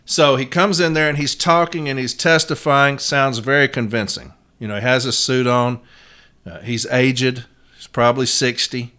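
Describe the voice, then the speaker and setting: A man's voice: mid-range voice, steady tone, moderate pace, pushed and bright, clear, resonant tone. A man hosting a podcast, telling a story in a casual monologue and acting out the quotes, with frequent "uh" fillers. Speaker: podcast host, union advocate.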